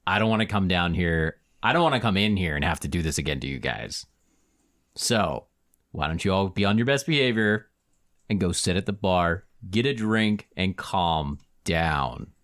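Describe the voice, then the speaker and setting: A man voicing a huge, stern male minotaur bouncer who talks slowly, deep and weary. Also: animated, fairly bright tone. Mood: stern warning.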